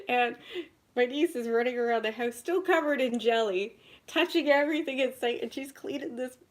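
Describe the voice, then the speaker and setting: A woman's voice: a little high, normal speed. Giggly woman chatting on a live stream. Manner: giggly, keeps breaking into laughter; chatty, rambling storyteller. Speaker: vlogger hosting a live chat. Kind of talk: casual live-stream chat. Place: at home, alone.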